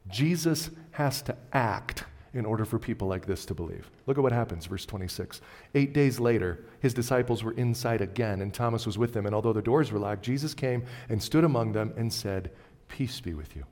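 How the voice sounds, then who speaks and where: A man preaching a sermon, moving between loud, emphatic lines and quiet, low ones. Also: a little fast. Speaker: pastor. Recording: long hall reverb.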